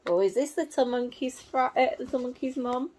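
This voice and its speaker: A woman teacher reading a picture book aloud to young children, gently asking questions and explaining along the way. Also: high voice, a little fast, husky.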